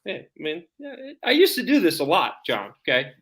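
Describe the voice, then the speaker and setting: Bright-voiced man telling stories on a podcast. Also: fairly high pitch, huge pitch swings, moderate pace. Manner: jokey, storytelling. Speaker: podcast co-host. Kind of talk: casual chat.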